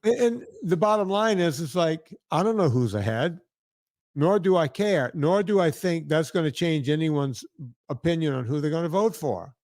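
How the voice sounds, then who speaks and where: A man's voice: a little high, expressive, moderate pace, darkish tone, no echo. Chatty man telling stories, dry sound. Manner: rambling, tag questions like "right?". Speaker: podcast host. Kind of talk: casual storytelling chat.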